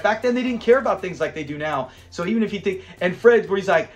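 Brief: male host, fairly high voice, lively recap with quoted lines, faint music under. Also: fast talker, few pauses. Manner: animated retelling, acts out quotes, laughs often. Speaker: show review channel host. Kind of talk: casual episode commentary.

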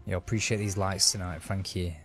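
A man's voice: deep voice, little pitch movement, brisk, a little hiss or hum. A man giving casual, upbeat commentary while streaming a game. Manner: chatty, upbeat, self-narrating. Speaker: gaming streamer.

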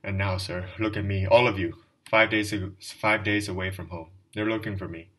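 A man's voice: sits low, flat delivery, a little fast, fairly bright tone, distant mic, poor audio. Man reading a rambling drunken clerk. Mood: pleading. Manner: rambling pleading confession, addresses listener as sir. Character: drunken, self-pitying middle-aged male clerk.

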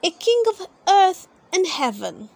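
A woman reading a children's storybook aloud in an expressive storytelling manner. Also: very high voice, slow pace, vocal fry. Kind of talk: read-aloud storybook narration.

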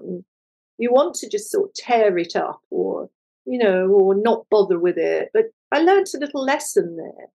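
An older woman, an artist being interviewed, telling a personal story in a lively conversational way and acting out the voices of people she quotes. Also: mid-range voice, gravelly, low-quality recording. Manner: animated, acts out quoted voices. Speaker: guest, multimedia artist.

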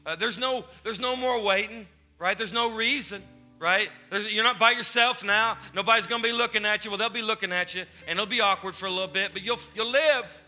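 Fervent high-voiced pastor, bright tone. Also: male voice, fairly quick, faint music behind. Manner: fervent, urgent, repeats phrases. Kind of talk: sermon with altar call. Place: church sanctuary before a congregation.

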